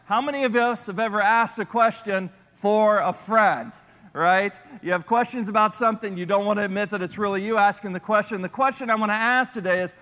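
A man preaching a sermon as a pastor, playful and animated as he talks to the congregation. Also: sits high, big-room sound.

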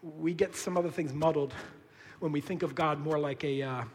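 A man preaching a sermon as pastor, conversational and full of slang, swinging between hushed and shouted emphasis. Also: on the high side, fairly even intonation, moderate pace, big-room sound.

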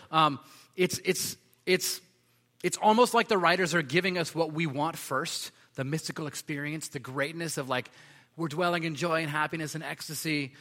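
A man's voice: on the high side, sharp tone, in a large hall. A man preaching a sermon in a conversational way, with frequent fillers and restarts.

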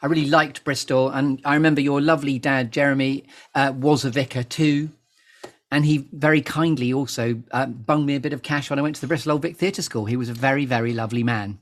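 A man's voice: mid-range voice, fairly even intonation, fairly quick. A man hosting a chatty live podcast interview, playful and theatrical, wandering off on tangents. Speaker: podcast host.

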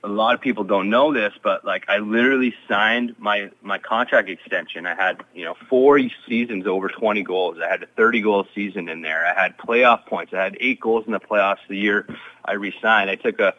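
A man's voice: on the low side, moderate pace, fairly bright tone, lo-fi sound. A former pro hockey player in his thirties, telling his story in an interview with many fillers and restarts.

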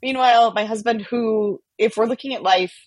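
A woman telling a personal story in a casual, animated way, often saying "like". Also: fairly high pitch, moderate pace, no room sound, rough recording. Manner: animated, chatty, many fillers like "like". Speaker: podcast guest telling a story.

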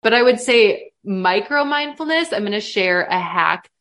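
A woman's voice: medium pitch, lively intonation, measured pace, a bit bright. A young woman from the American Midwest, a podcast guest, talking in a chatty, open way with lots of likes and ums. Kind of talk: casual podcast interview.

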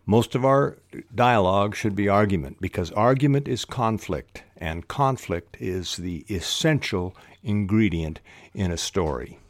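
An older man talks through writing techniques in a deep, low voice. He is unhurried and restarts his sentences now and then, with an occasional filler. The sound is close and dry, with no room around it. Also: expressive, no room sound. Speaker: podcast host teaching fiction writing. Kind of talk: instructional talk on writing.

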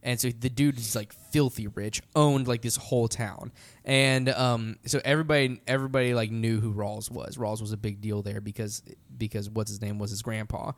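A young man telling a story in casual podcast chat, animated and full of "like" fillers. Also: on the low side, normal speed. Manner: animated, heavy use of "like" fillers. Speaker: podcast storyteller, band member.

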